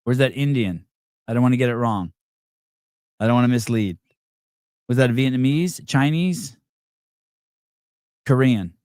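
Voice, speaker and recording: A man's voice: medium pitch, unhurried, pauses often, a little mellow, dry recording, studio quality. A man hosting a live call-in podcast, rambling in a sarcastic, profane way. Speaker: podcast host.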